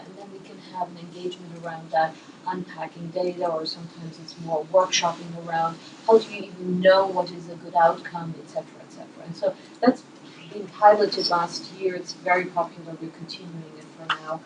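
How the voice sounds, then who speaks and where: A woman speaks on a panel, measured and thoughtful, often pausing to restart a sentence. Her voice sits low for a woman and comes from some distance off the mic. Steady background noise runs under her words. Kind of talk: panel discussion remarks.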